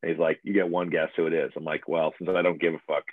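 A deep-voiced man in a loose, casual chat, spinning long stories with easy laughter and plenty of swearing. His voice comes through a thin, phone-like channel with a dry, close sound and no room echo. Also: little pitch movement, fast. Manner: laid-back, swears freely, laughs often. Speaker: musician and bartender.

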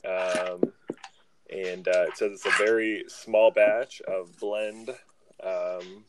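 A man hosting a podcast in casual chat, relaxed and full of fillers as he leads into segments. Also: low voice, takes it slowly. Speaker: podcast host.

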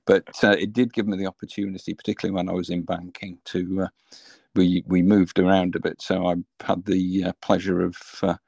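A man's voice: low voice, little pitch movement, a little fast, creaky, a little mellow, no echo. A retired man, answering interview questions hesitantly, with many ums and uhs. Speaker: guest, retired volunteer.

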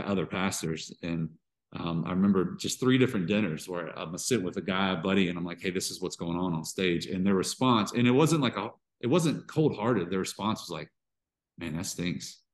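A podcast guest from Georgia, a man with a very deep, low voice, opens up about his personal struggles in a candid interview. He speaks in halting bursts, often restarting sentences and circling back as he sorts through his feelings in emotional storytelling.

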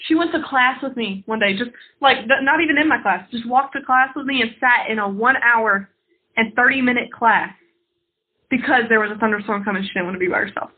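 A young woman with a high voice chats on a podcast, spinning an animated story and breaking into laughter as she acts out her friends. Her voice comes through thin and tinny, like over a phone line. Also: brisk. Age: young adult. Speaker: podcast co-host. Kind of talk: casual chat.

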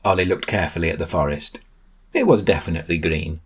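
A man reading a comic story aloud as storyteller, with deadpan narration. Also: deep voice, quick pace, husky.

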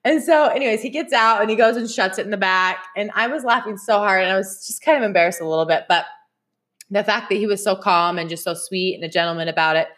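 Speaking at a quick pace in a medium-pitched, slightly bright voice, a female podcast host tells stories directly to her audience in casual conversation, frequently laughing.

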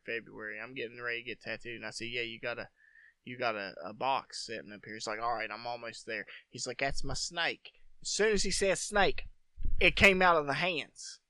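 A man with a mid-range voice tells a long story during a casual chat full of swearing. He's an animated storyteller who acts out what people said, and the recording has a clean tone with no echo.

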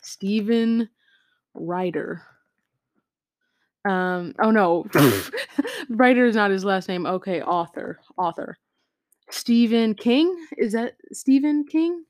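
A teenage girl chats loosely into her podcast mic while lying on her bed, worn out from the week. Her voice sits in an ordinary middle pitch and sounds dry and close, with no room around it. She wanders off topic, restarts sentences and giggles between thoughts. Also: expressive, slow, pauses often, darkish tone, dry recording. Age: teens. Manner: rambling, giggly, many fillers and self-interruptions. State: tired. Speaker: podcast host. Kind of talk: casual chat. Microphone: home podcast mic.

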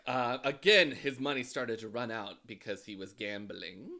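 A man casually telling a true-crime story as a podcast host, halting often with filler sounds. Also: medium pitch, pushed and bright.

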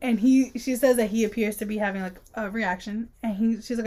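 A woman with a fairly high, warm and mellow voice, chatting casually as a podcast co-host. She recaps a story by acting out the characters' lines, often jumping up in pitch for them. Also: fast, few pauses. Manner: animated retelling, acting out dialogue with pitch jumps. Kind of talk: casual chat recapping a book chapter.

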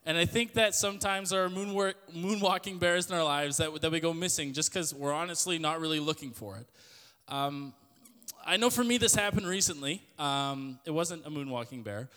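A young man giving a loud, joking youth sermon to an audience in a church hall. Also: fairly high pitch, normal speed, clear, resonant tone. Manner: loud, joking, self-deprecating storyteller. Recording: long hall reverb.

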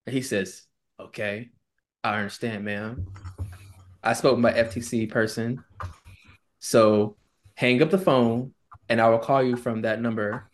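With a mid-range voice and a measured pace broken by frequent pauses, a podcast co-host animatedly narrates a story. He quotes the characters in put-on tones on this casual show.

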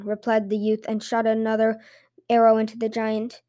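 A woman host reading fairy tales aloud in lively storytelling narration. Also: a little high, moderate pace.

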